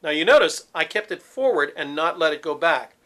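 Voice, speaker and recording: A man's voice: fairly high pitch, expressive, fairly quick, bright, forceful tone. A middle-aged man and former opera singer teaching vocal technique, explaining patiently and demonstrating with sung examples. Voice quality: resonant, focused head voice.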